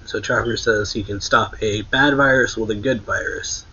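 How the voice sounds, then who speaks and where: A man casually walks through a comic chapter, trailing off into fillers and punching up the quoted lines. His voice is bright and a little husky. The recording sounds dull and lo-fi. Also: fairly even intonation, moderate pace. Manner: reads quoted lines louder and higher, loose filler-heavy retelling. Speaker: manga reaction host. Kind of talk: casual reading and retelling.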